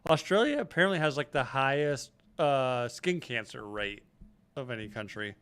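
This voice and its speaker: A man's voice: medium pitch, moderate pace, fairly bright tone, clean tone. An American man co-hosting a comedy podcast, chatting casually, joking and swearing. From United States. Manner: jokey, swearing, drops into put-on voices. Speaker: podcast co-host.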